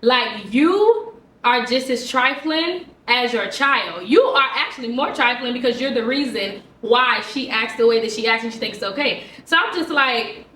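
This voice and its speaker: Animated woman telling a story, roomy sound. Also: sits high, moderate pace, hardly any pauses. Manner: animated, expressive, quoting herself and others. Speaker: teacher. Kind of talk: casual storytelling to camera. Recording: roomy sound from a distant mic.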